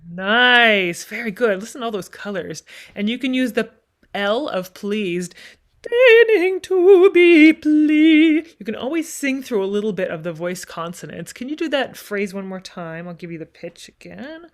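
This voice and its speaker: A woman's voice: medium pitch, animated, moderate pace, fairly bright tone. A woman voice teacher leads a masterclass, coaching a student with an encouraging, hands-on manner. She breaks off into dramatic readings of the lyrics to make her point, then returns to plain, friendly explanation. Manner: encouraging, demonstrative, speaks lines of text with dramatic reading.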